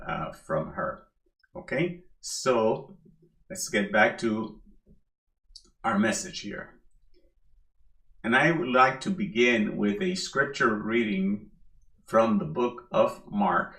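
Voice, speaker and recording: A middle-aged man giving a sermon as a minister, relaxed and joking, repeating key phrases for emphasis. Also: on the low side, creaky. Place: church hall. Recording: echoey hall.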